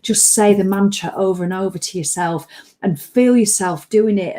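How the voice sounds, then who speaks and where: A woman's voice: mid-range voice, mellow. A woman hosting a casual live fitness stream, giving an encouraging motivational pep talk and swearing casually now and then.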